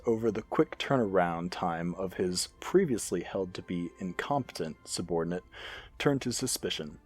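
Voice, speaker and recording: Animated husky male story narrator. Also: deep voice, normal speed, soft background music. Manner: expressive, animated reading.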